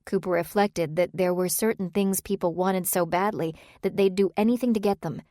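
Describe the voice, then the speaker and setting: Dry, clean studio sound carries a low-leaning female voice narrating a novel. Her scripted reading stays even and measured throughout.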